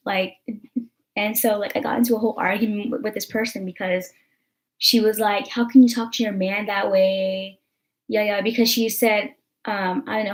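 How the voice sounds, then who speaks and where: A woman's voice: medium pitch, steady tone, normal speed. Young american girl venting on her vlog, tons of "like", cusses a lot. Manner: rambling, heavy swearing, filler-laden. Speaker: vlogger. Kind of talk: casual chat.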